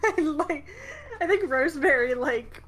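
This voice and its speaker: A woman's voice: high-pitched, expressive, a little slow, a bit bright. A woman playing a tabletop game, hesitant and giggly. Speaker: player. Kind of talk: casual tabletop role-play.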